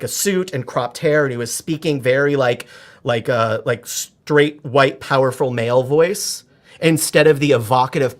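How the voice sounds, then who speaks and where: A man in his forties, a performance coach, talking as a podcast guest in an animated, expressive way with frequent restarts. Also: mid-range voice. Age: 40s. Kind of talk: conversational podcast interview.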